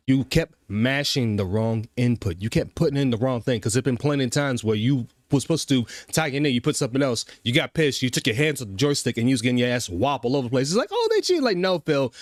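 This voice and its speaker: A man's voice: medium pitch, brisk, dry recording, clean studio sound. A man hosting a casual reaction commentary, talking to chat and scolding a streamer with exasperated repetition.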